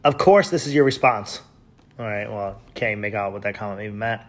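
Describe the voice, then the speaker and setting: A man hosting a podcast, reading out tweets with sarcastic, mocking commentary and sudden loud yells. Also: lowish voice, a little fast. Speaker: podcast host.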